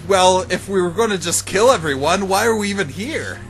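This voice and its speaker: A man's voice: sits high, animated, a little fast, soft background music. A man playing in a tabletop game, reasoning things out with a few hesitant restarts. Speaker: player. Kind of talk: tabletop role-play chat.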